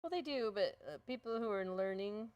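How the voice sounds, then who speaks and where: A woman co-hosting a painting tutorial, chatty and quick to laugh. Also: mid-range voice, expressive, a little mellow, no room sound. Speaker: co-host. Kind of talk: casual chat during a painting tutorial.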